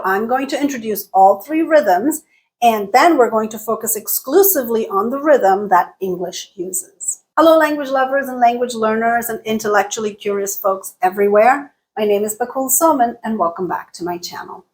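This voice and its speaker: A woman hosting her own channel, giving a scripted English lesson in a deliberate style that stresses key words. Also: on the high side, rough recording. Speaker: English teacher and channel host.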